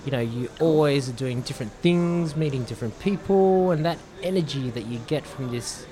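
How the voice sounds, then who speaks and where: A man with an Australian accent chatting casually as a podcast guest, relaxed and quick to laugh. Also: medium pitch. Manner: relaxed, laughs often, says "you know" a lot. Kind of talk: casual chat.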